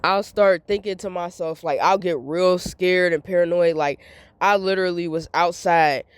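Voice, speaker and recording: A woman's voice: fairly low pitch, fairly even intonation, normal speed, clean tone, dry recording. Young woman vlogger, candid venting monologue, emphatic and repetitive, dry close sound. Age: young adult.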